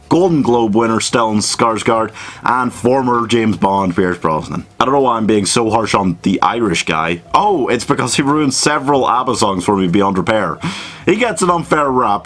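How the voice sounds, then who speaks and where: A man's voice: medium pitch, fairly bright tone. Sweary, self-mocking male film reviewer. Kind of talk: casual comedic film review.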